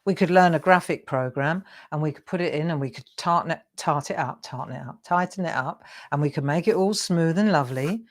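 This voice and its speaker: Middle-aged woman, craft show host, lower pitch, chatty and self-mocking. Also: a little fast, hardly any pauses. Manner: chatty, self-deprecating, encouraging. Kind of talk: live craft demonstration.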